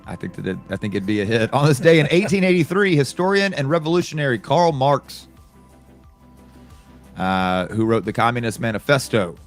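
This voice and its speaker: A man's voice: medium pitch, sing-song, fairly quick, faint music behind. A man co-hosting a casual podcast, reading this day's history items with chatty asides. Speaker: podcast co-host. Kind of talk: casual chat.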